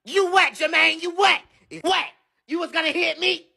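A man voicing a strict mother who shouts sharp demands at her son. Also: very high voice, steady tone, moderate pace, vocal fry, pitched above the performer's own voice, full character voice. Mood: scolding. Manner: loud, scolding, sharp demands.

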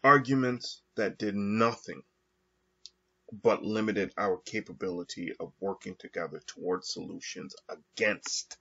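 A man talking through his thoughts alone in a slow, halting monologue with frequent pauses and fillers. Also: lowish voice, vocal fry, sharp tone, breathy edge. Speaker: podcast host. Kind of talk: reflective monologue. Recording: dull lo-fi recording.

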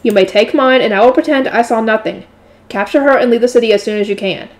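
A woman reading aloud and voicing a smug, scheming old male bishop who speaks with false gentleness. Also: a little high, quick pace, close to an everyday voice.

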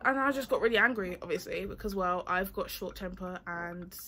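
Seorang perempuan muda beraksen bercerita santai dan bertele-tele, sering lupa arah ceritanya, dengan musik pelan di latar belakang. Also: female voice, fairly low pitch, a little fast, pushed and bright, soft background music. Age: young adult. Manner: chatty, rambling, loses track, sings to herself. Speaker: vlogger. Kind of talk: casual storytime chat.

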